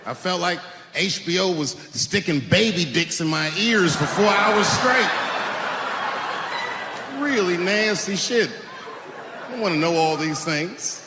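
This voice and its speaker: A man doing live stand-up on a large theater stage. His storytelling is profane and animated, and he shouts his punchlines. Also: sits high, unhurried, pauses often, a loud crowd. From Washington, D.C. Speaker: stand-up comedian. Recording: echoey hall with live audience noise.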